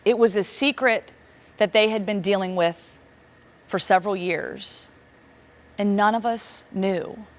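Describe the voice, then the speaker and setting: A woman in her thirties from Virginia speaks to an audience, telling a personal story. Her voice is emotional and paced with dramatic pauses, and it jumps up sharply when she relives moments of disbelief. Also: mid-range voice. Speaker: keynote speaker.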